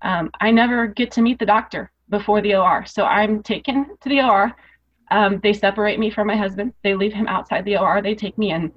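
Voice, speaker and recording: A woman's voice: mid-range voice, brisk. A woman telling her own story as a guest in an interview. She speaks earnestly and emotionally, repeating phrases for emphasis. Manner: emotional, rising intensity. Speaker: podcast guest. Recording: dull lo-fi podcast audio.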